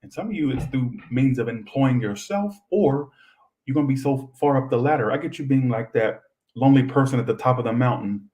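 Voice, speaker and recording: A man's voice: medium pitch, a little fast, darkish tone, low-quality recording. Young male tarot reader on a live stream: chatty and rambling, swears freely, ordinary mid-range voice.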